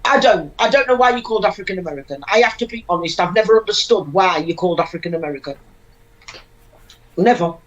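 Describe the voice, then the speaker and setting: A woman's voice: on the low side, animated, fast talker, highs cut off. A woman on a casual panel discussion, speaking earnestly and repeating her key phrases for emphasis.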